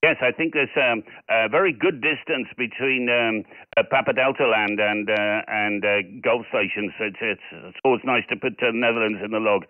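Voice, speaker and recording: A Scottish man with a fairly low voice runs a ham radio session, trading call signs and signal reports with friendly, easy chat. He handles calls quickly, and the tinny radio audio has no echo.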